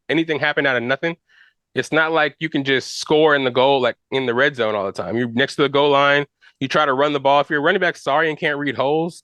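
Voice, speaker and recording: A man's voice: fairly high pitch, fairly bright tone, no echo. A man hosting a podcast, talking football casually in slang with fillers and restarts. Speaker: podcast host. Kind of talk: casual sports chat.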